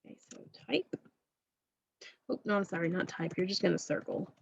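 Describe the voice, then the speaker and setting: A woman's voice: on the low side, animated, moderate pace, creaky, breathy edge. Patient woman teacher with a dull sound. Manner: patient, repeats okay to check understanding. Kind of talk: recorded remote class lesson.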